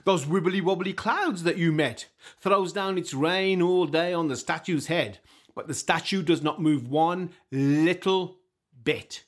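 Man doing the wind, boastful, emphatic, lively, slightly raised. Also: fairly high pitch, a little slow. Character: boastful wind that blows every way.

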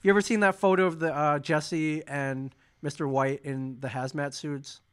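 A man's voice: on the high side, steady tone, normal speed, smooth. Joking, rambling man podcast co-host. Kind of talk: casual chat.

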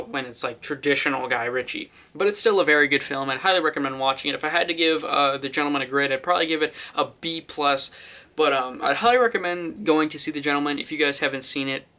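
A man's voice: fairly high pitch, sharp tone. A young man casually reviewing a movie on his channel, rambling with lots of fillers and restarts.

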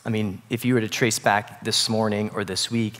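A man's voice: on the low side, little pitch movement, normal speed. Man preaching in a reverberant hall. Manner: conversational, swings between loud bursts and quiet hushed passages. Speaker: pastor. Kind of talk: sermon. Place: church sanctuary.

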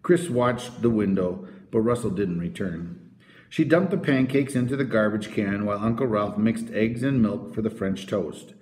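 Expressive male storybook narrator. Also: on the low side, normal speed. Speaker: audiobook narrator. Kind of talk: scripted narration of a children's novel. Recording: roomy echo.

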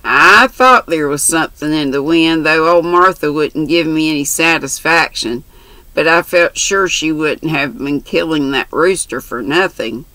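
A woman's voice: sits low, unhurried, sharp tone, dry recording, rough recording. A woman voicing a brash, chatty country orphan girl who talks in bossy, boastful slang.

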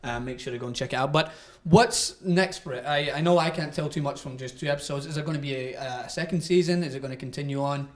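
A man's voice: fairly high pitch, quick pace, few pauses. A man hosting an entertainment interview, playful and joking while plugging a new show.

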